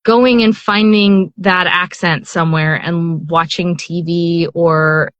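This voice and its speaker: A woman's voice: lowish voice, steady tone, takes it slowly, dry recording, lo-fi sound. A middle-aged woman, an audiobook narrator, chatting casually as an interview guest, rambling with lots of fillers and restarts.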